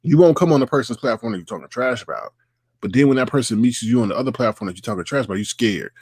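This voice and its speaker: Quick-paced and medium in pitch, this man's voice has a darkish tone with a breathy edge. He runs a casual live online show, ranting and mimicking the people he talks about mockingly, via a computer mic. Studio-quality sound with no room ambience.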